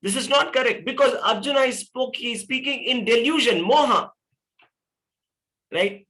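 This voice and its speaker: A man's voice: very high voice, normal speed, bright, forceful tone, rough recording. A middle-aged man, teaching a scripture class and explaining patiently with rhetorical questions. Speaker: spiritual teacher.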